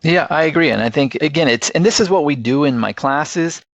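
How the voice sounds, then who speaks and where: A man's voice: fairly high pitch, fairly quick, no echo. A man being interviewed about live streaming, telling earnest, enthusiastic anecdotes in a conversational way. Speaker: guest, live streaming expert. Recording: dull, dry lo-fi sound.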